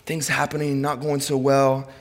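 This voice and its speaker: Male pastor preaching a passionate sermon in a church, surging and dropping to quiet asides, echoing sanctuary. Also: medium pitch, completely flat delivery, normal speed. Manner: impassioned, swings from loud preaching to hushed asides. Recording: reverberant hall.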